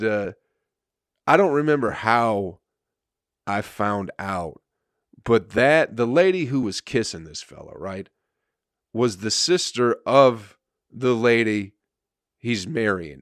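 A man's voice: fairly low pitch, no echo, studio quality. A man, a comedian and podcast host, telling a rambling, profane story in casual chat with frequent laughter.

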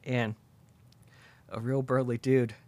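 A man in his thirties casually pitching a movie plot, acting out the characters' lines as he goes. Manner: animated storytelling, quick quoted voices. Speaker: podcast co-host pitching a movie idea. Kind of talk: casual chat, acting out scenes.

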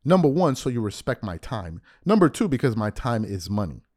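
Blunt, lively sports commentator. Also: male voice, medium pitch, brisk, no room sound, studio quality. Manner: blunt, mocking, animated, teasing then insisting it's jokes. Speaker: sports commentary podcast host. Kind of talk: opinionated sports commentary monologue.

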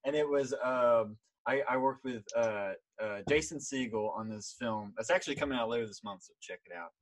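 A man's voice: medium pitch, normal speed, poor audio. A young man hosting a casual interview, rambling and heavy on "like" and "um". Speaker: podcast host.

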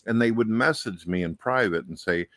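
A man's voice: on the low side, moderate pace, fairly bright tone, no room sound. A middle-aged man talking casually and bluntly, swearing freely as a show host. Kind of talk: casual conversation.

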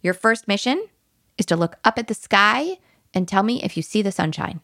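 Animated gravelly-voiced woman parenting coach. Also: medium pitch, moderate pace, no echo, clean studio sound. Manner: animated and emphatic, dropping to a hushed whisper when modeling soothing words.

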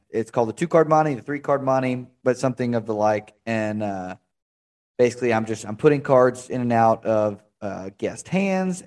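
A man's voice: on the low side, a little mellow. Chatty young man hosting a podcast. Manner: chatty, rambling storyteller. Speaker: podcast host. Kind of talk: casual interview chat.

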